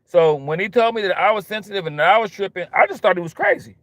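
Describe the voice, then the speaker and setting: A young man talking casually in an animated, repetitive way, full of street slang. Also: high voice, fast talker, no room sound. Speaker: host. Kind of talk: casual monologue.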